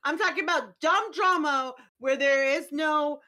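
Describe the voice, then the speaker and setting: Bright, high woman making a point. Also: a little slow. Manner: emphatic, laying down opinions. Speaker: podcast co-host. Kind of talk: casual podcast chat.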